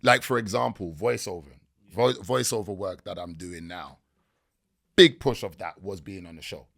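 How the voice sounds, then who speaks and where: Gravelly-voiced man telling stories. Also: low-pitched, normal speed. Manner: animated storytelling with slang. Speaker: podcast guest. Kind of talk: casual podcast interview.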